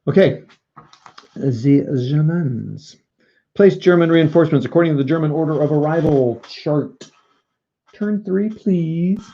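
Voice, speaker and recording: His voice is a little high and dark-toned, and he speaks slowly with frequent pauses over dull audio. The man is casually commentating a live stream of a board wargame, joking, self-mocking, and addressing his viewers.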